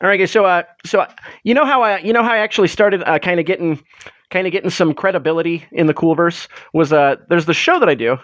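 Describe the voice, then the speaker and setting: A man hosts a casual livestream, chatting to viewers in a rambling, filler-heavy way. His voice sits fairly high for a man, and the close desk mic sounds dry and dead. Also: quick pace, fairly bright tone, no echo. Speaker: livestream host.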